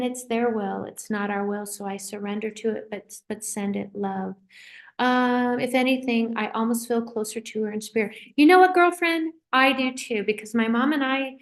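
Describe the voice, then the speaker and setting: Middle-aged woman, livestream host, rambling affectionate chat, slightly high voice. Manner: warm, rambling, affectionate asides to viewers. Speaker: psychic medium livestream host. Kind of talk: casual livestream chat reading viewer comments.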